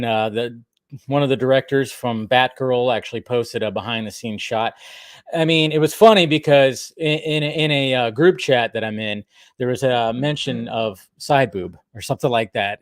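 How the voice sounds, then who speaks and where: A man hosts a casual live stream, rambling with plenty of fillers and calling out viewers by name. His voice sits at a middle pitch. The sound is close and dry. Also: no room sound. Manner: chatty, greets viewers by name, many fillers.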